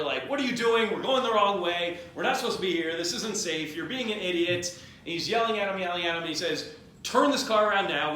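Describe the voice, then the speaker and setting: In a very echoey room with faint noise, a man gives a comedic drunk-history retelling at a party, rambling, joking, and acting out the voices of the figures in the story. His voice is high-pitched, bright, and forceful.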